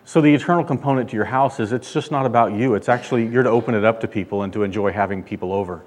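A male pastor delivering a sermon, emphatic, rising and getting louder when he quotes God. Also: on the low side, very fast. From California. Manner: emphatic preaching, loud when quoting God.

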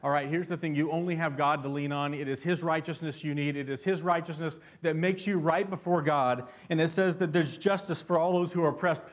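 Fervent male pastor, slightly high voice. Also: steady tone, fairly quick, hardly any pauses. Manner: fervent, keeps asking the congregation questions. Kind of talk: sermon.

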